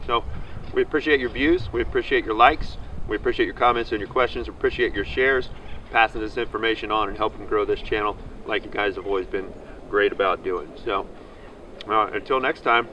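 Relaxed outdoorsman vlogging from a distance. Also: on the low side, a little fast, dull audio. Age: middle-aged. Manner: relaxed, plain-spoken instructional talk. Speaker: outdoor skills channel host. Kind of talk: casual outdoor how-to vlog. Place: outdoors in a backyard. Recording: distant outdoor camera audio with wind noise.

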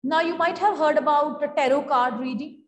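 A woman's voice: high-pitched, moderate pace, slight background noise. A woman with an Indian English accent explaining a play to students, mixing English with Hindi and calling them beta. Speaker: school English teacher. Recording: echoey room with long reverb.

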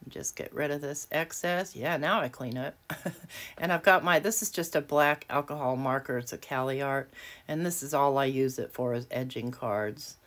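A woman with a rumbling low voice, fairly bright in tone, speaks at a normal speed. She hosts a casual crafting tutorial from her desk at home, chatty and self-deprecating, and often laughs at herself.

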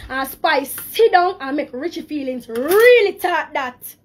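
A woman's voice: high-pitched, expressive, a little slow, hardly any pauses. A woman with a Jamaican accent talking emotionally on a live stream, speaking in patois.

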